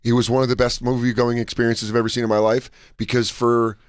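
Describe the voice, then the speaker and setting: A man in casual podcast chat, telling animated stories and slipping into quick impressions, laughing often. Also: medium pitch, no echo, clean studio sound.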